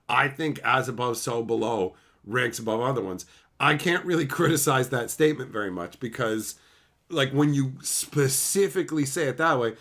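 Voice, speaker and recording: A man streaming casually, reading chat and ranting, with frequent swearing and voiced impressions. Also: mid-range voice. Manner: animated, swearing, mimics others.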